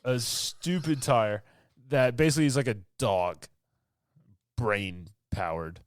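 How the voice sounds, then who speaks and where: A man's voice: mid-range voice, very animated, takes it slowly, dry recording. Podcast guy rambling through a movie plot, lots of likes, dry close sound. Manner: rambling, filler-heavy storytelling with frequent laughs. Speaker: podcast co-host. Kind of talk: casual chat, recapping a movie.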